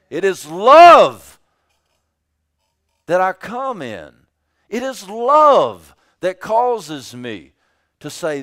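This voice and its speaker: A man's voice: sits high, very animated, drawn-out words, a bit bright. A man preaching a sermon as pastor, emphatic, often repeating his phrases for weight.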